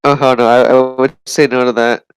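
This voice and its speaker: A man's voice: medium pitch, little pitch movement, a little fast, low-quality recording. A young man co-hosting a casual podcast, speaking hesitantly with many fillers and restarts. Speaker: podcast co-host. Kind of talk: casual chat.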